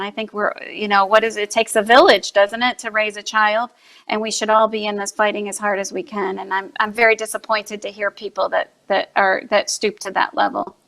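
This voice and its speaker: Bright-voiced impassioned woman guest. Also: mid-range voice. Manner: earnest, forceful, repeats herself for emphasis. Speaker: guest, anti-trafficking activist; mother. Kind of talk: impassioned interview answers.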